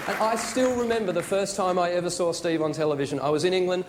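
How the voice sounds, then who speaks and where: An Australian man delivers a dry, wry comedy monologue as awards host, his voice high for a man. He speaks from the stage of a big theatre, and a loud audience and steady noise fill the space around him. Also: fast. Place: large theatre at a live awards ceremony. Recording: live stage with crowd and noise.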